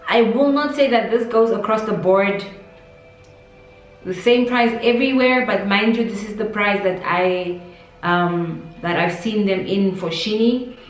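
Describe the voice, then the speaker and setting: Slow-talking woman, roomy distant sound. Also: medium pitch. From Namibia. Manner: chatty, rambling, many fillers. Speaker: beauty vlogger. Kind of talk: casual makeup review vlog. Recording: roomy echo, distant mic, faint music.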